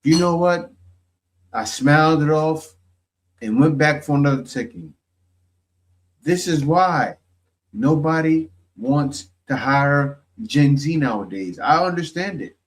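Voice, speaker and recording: Slow-talking blunt male reaction commentator. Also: fairly high pitch, lively intonation. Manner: blunt, scolding, unsympathetic.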